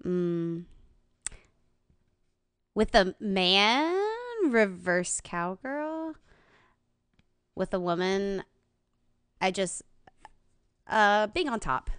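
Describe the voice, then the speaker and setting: A woman chatting as a podcast guest, candid and quick to laugh. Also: mid-range voice, expressive, fairly bright tone, clean tone, dry recording, clean studio sound. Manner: giggly, candid. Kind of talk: casual chat.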